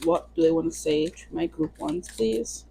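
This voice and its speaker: A woman's voice: deep voice, sing-song, moderate pace, vocal fry, background noise. A woman giving a casual tarot reading to camera, chatty and playful, singing bits of songs. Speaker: tarot reader.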